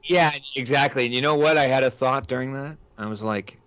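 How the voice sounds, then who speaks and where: A man's voice: medium pitch, brisk, a bit bright, clean tone, dry recording, dull audio. A man co-hosting a film podcast, chatting casually with wry, crude humor. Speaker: podcast co-host. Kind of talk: casual film review chat.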